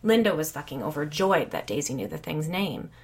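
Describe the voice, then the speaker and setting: A blunt, well-off young mother who tells a story with casual swearing and a dry, sardonic edge, as a woman reader acts her. The voice sits low with a husky grain. It is an audiobook character who talks like she is spilling gossip over wine. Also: big pitch swings, brisk, a little mellow, exaggerated voice. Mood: gossipy. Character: blunt, foul-mouthed wealthy young mother. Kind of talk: audiobook reading.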